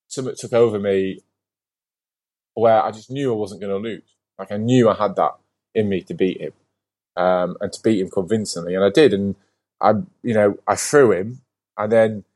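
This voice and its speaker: A man sits in as a podcast guest and tells his story with easy, lively energy. His voice sits a little low, and his talk is loose, with plenty of "like" and the occasional swear word. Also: normal speed, long pauses. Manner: lively storyteller, heavy use of "like", casual swearing. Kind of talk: casual interview chat.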